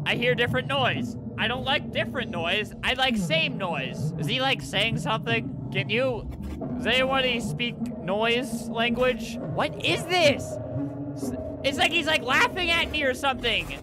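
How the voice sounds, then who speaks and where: A young man giving sarcastic gameplay commentary, with deadpan asides that break into panicked yelps. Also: very high voice, unhurried, over music, low-quality recording. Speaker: gaming video host.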